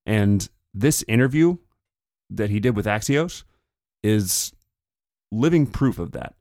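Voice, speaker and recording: Low-voiced man riffing on politics. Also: lively intonation, a little mellow, dry recording, studio quality. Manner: conversational, paraphrasing others in quick put-on quotes. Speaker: podcast host. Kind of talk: solo political commentary.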